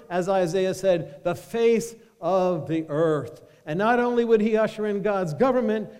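A man preaching a sermon as pastor, animated and drawing the congregation into call-and-response. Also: sits high, big-room sound. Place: church sanctuary.

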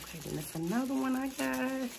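A woman, chatting casually and excitedly as she unboxes gifts at home, calling out to viewers. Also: high-pitched, a little fast, vocal fry, heavy background noise. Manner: excited, gushing, addresses viewers as y'all. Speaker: small business unboxing vlogger.

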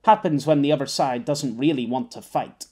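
A man's voice: mid-range voice, normal speed, darkish tone, natural voice. A man voicing a smug, money-minded male captain who speaks with a plastered-on pleasant politeness in an audiobook. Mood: confident. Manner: smarmy, falsely pleasant. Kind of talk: audiobook character voice.

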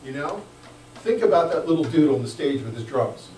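Man, pastor, sermon, joking, loud bursts and hushed asides, echoey hall, faint background noise. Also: a little high, animated, moderate pace. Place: church sanctuary. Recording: echoey church room, mic at a distance.

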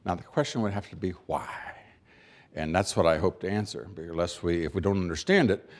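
An American man giving a keynote speech, emphatic, with dry humor, rhetorical questions and deliberate pauses for effect. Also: low voice, lively intonation. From United States. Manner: rhetorical questions and repeated build-ups. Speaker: keynote speaker.

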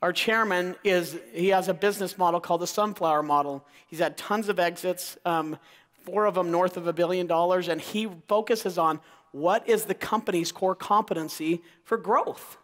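Enthusiastic male keynote speaker in his 40s, bright high voice, echoing in a large hall. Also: normal speed. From Idaho. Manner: enthusiastic, crowd-engaging, calls out questions to the audience. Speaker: motivational speaker. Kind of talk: energetic keynote talk. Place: large auditorium. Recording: long hall reverb.

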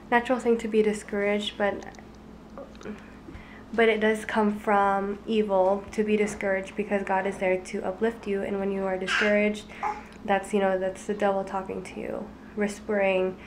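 A woman's voice: mid-range voice, a little hiss or hum. A young woman chatting casually at home in a vlog, easygoing and chatty, talking to her babies now and then. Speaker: mother vlogger.

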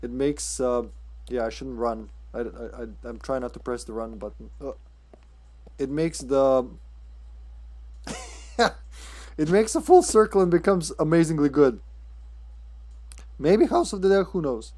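Casting: casual male streamer, rambling and stammering commentary over gameplay, mid-pitched voice. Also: animated, a little slow, pauses often, darkish tone. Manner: rambling, stammering, swears and laughs a lot. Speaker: streamer playing a horror game.

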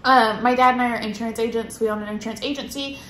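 A woman's voice: a little high, steady tone, fast, fairly bright tone. Casual podcast co-host, female, rambly and chatty, roomy room sound. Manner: chatty, rambling with many ums. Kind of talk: casual chat. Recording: echoey room with faint noise.

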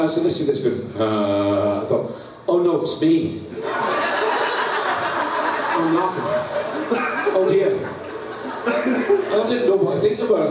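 A Scottish man preaching, telling a funny story with lots of laughter and acted-out sounds. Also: on the high side. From Scotland. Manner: laughs through his story, acts out sounds. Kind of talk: humorous sermon storytelling. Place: church hall. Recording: echoey church, distant mic, background noise.

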